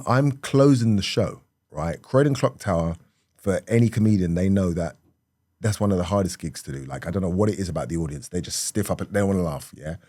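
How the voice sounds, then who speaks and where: A middle-aged man, a comedian telling an animated story in conversation, swinging from hushed to loud and laughing often. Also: fairly low pitch, slightly rough, no room sound, clean studio sound. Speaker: comedian guest.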